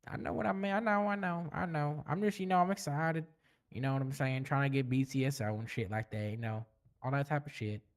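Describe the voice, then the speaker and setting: A man in character apologizing in fast, slangy roleplay talk, heard from a distance. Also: medium pitch. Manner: fast, restless, heavy slang.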